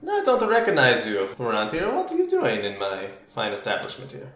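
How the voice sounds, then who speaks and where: A man's voice: mid-range voice, huge pitch swings, brisk, fairly bright tone. A man voicing a cool, teasing woman who owns a bar, in a tabletop game. The recording has a roomy echo. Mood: breezy.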